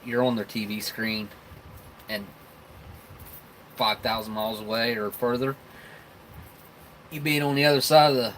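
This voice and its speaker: A man's voice: medium pitch, fairly bright tone, a little hiss or hum, low-quality recording. A man with a Southern rural American accent hosting a casual live stream, rambling and chuckling as he tastes snacks and talks with his mouth full.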